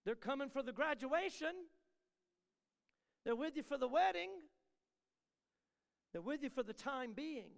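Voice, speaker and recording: Guy preaching in a big church, really high voice, gravelly, lots of hall echo, builds refrains then goes quiet. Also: expressive, normal speed, long pauses. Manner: preaching in rising, repeated refrains, dropping to soft asides. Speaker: pastor. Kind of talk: sermon. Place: church sanctuary. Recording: long hall reverb.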